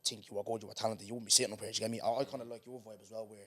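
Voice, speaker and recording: Fast-talking Irish man hosting a podcast. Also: on the low side, a crowd in the background. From Ireland. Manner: animated, talks in quick runs with "do you get me" tags. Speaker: podcast host. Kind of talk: casual chat.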